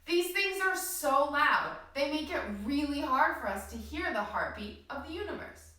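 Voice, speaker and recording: A woman leading a children's yoga class, gently encouraging the kids and asking them questions as she guides their breathing. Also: high-pitched, animated, moderate pace. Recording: very echoey room from a distance.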